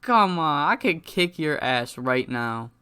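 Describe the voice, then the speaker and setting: A swaggering male wrestler who picks on others, as a man puts him on. He taunts in a slow, profane drawl with a bright, clear tone. He is cocky and mocking throughout. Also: on the high side, lively intonation, heavily acted. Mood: taunting. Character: swaggering, trash-talking male wrestler bully.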